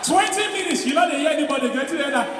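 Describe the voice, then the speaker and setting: A woman with a Nigerian accent performing live stand-up comedy, animated and shouting punchlines amid her own laughter. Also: high voice, very fast. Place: large live venue. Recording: echoey hall, distant mic, live crowd. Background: audience noise.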